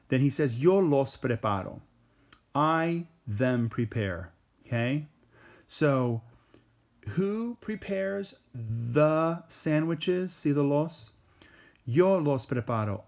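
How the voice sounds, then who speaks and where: A man's voice: mid-range voice, darkish tone. Male Spanish teacher, easygoing patient lesson delivery. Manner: casual, explains patiently with many fillers and "okay?" checks. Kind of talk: recorded classroom lesson. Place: home or classroom, alone.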